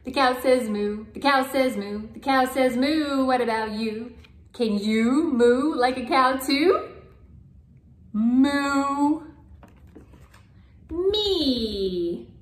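A woman speech language pathologist modeling simple sounds and words for toddlers in a playful, sing-song, drawn-out way. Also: high voice, expressive, roomy sound. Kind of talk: slow, exaggerated word modeling for toddlers.

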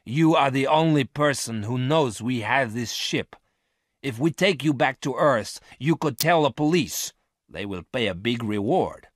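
A man voicing a scheming male space thief who speaks sharply and forcefully, in a dry, close recording. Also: medium pitch, animated, a little slow, no room sound, pitched above the performer's own voice. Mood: menacing.

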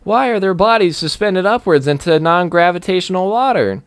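A man's voice: sits high, expressive, moderate pace, smooth, dry recording. A young man playing a video game, rambling and giggling as he thinks aloud in casual commentary. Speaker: gaming YouTuber. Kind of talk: let's play commentary.

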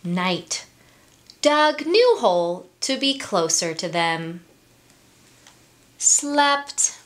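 Expressive, sing-song woman reading to children. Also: fairly low pitch, slow pace. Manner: expressive, sing-song, asks listeners questions. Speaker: story time reader. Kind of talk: reading a picture book aloud to children.

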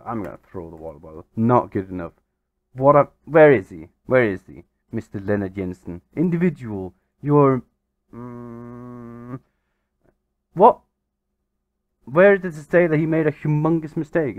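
A man commenting on his own football management game. His pitch swings widely as he goes from quiet grumbling to sudden disbelief. He is recorded on a dull, lo-fi mic in a dry room with no echo. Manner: exasperated, excitable, swears mildly. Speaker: gaming channel host. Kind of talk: let's-play commentary.

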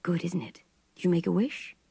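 A woman voicing a proud, irritable paralysed aristocrat in a storybook reading, with a very husky voice. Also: fairly low pitch, moderate pace, no echo, exaggerated voice. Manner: imperious, sharp when crossed.

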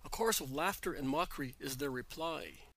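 A man reads a religious story aloud in steady, measured narration. His voice sits a little high for a man and sounds close and dry, with no room around it. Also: vocal fry, no echo, rough recording.

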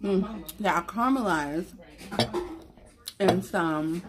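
A woman filming a casual mukbang at home, chatting to the camera held close to her face while she eats, relaxed and full of slang. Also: fairly low pitch, takes it slowly, crowd noise. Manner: relaxed, slangy, giggly, talks while eating. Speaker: mukbang vlogger. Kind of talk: casual eating chat to camera. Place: at home, indoors.

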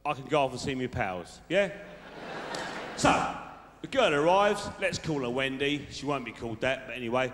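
In a live stand-up character act on a large theatre stage before an audience, a man plays a cocky, boastful South London lad handing out dating tips, full of tag questions. His medium-pitched voice is lively, a bit bright, normal in speed and close to an everyday voice, with live hall reverb and faint noise.

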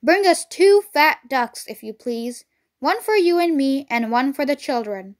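Lady doing a worried mama fox, soft and high, kind of fussy. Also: animated, measured pace. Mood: caring. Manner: gentle and worried. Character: caring, cautious mother fox.

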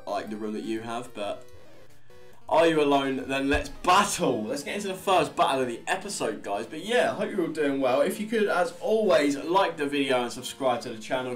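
A young man giving casual, rambling commentary on a game he is playing, swearing now and then. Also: mid-range voice. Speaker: Let's Play host. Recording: faint guitar music behind.

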